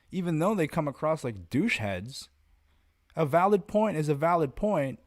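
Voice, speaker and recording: A man hosting a casual podcast monologue, talking in a blunt, profane, rambling and animated way as a martial arts instructor. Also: fairly high pitch.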